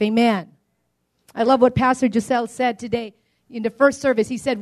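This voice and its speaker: A married woman preaching a sermon to a congregation, calling for amens, swinging between loud declarations and quiet asides. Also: a little high. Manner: call-and-response preaching, asking for amens.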